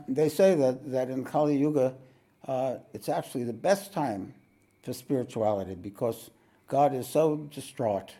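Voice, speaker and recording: A man, a spiritual teacher, telling a story to a meditation audience in a rambling way, often clearing his throat and using fillers. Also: mid-range voice, a little slow, mellow.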